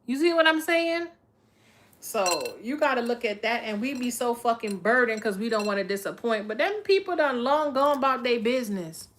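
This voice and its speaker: A woman's voice: on the high side, expressive, normal speed, a bit bright. Blunt, profane woman reading tarot live. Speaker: tarot reader.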